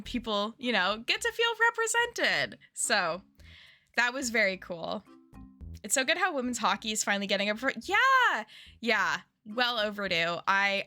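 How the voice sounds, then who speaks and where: A woman's voice: a little high, pushed and bright. A young adult woman chatting casually with her stream viewers in a bubbly, rambling way, often laughing and restarting her sentences. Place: home streaming setup. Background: faint game music.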